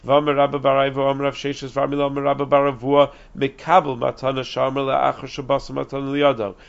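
A man teaching a Talmud lesson, explaining quickly and reasoning aloud with frequent restarts, dropping in Aramaic and Hebrew terms. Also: mid-range voice, monotone, gravelly. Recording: dull lo-fi recording.

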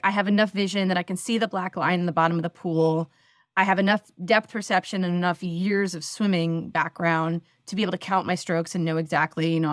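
In a casual podcast interview, a woman in her forties from the American Northeast tells chatty stories that poke fun at herself, sprinkled with many fillers. Her voice is lowish, and the clean studio sound has no room noise.

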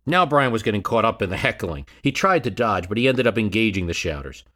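A man with a fairly low voice tells a history story as scripted narration. He builds drama through rhetorical questions and shifts his emphasis as he goes. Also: big pitch swings, brisk, a bit bright.

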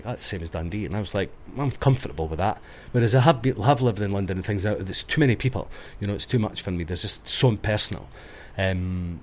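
Fast-talking Scottish man, low voice. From Scotland. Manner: rambling storyteller, self-correcting. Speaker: guest. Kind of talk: casual interview chat.

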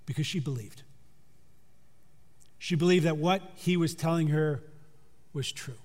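High-voiced preacher in an echoing hall. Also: male voice, unhurried. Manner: conversational, drops to a hush for emphasis. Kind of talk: sermon storytelling. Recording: long hall reverb.

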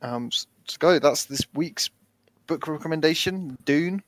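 A man co-hosting a podcast in casual chat, lively and reading out tips from a list. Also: fairly high pitch, unhurried, no echo. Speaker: podcast co-host.

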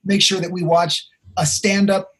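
A man co-hosting a podcast in a laid-back, encouraging way. His voice sits high for a man. It carries a husky, breathy texture. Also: little pitch movement, moderate pace, a bit bright. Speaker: podcast co-host. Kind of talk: casual podcast chat.

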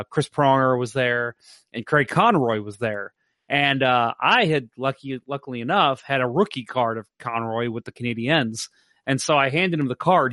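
A young adult man hosting a casual sports podcast, telling anecdotes in an animated way. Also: medium pitch, no echo, studio quality. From St. Louis, USA. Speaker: podcast host.

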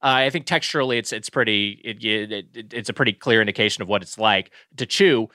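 A man talks through a fast food review in an animated, rambling way, stumbling over his words before landing on emphatic verdicts. His voice is bright and forward, recorded close and dry with no room sound. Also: fairly low pitch, dry recording. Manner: rambling, restarts often, emphatic. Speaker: podcast co-host. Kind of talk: casual comedic food review chat.

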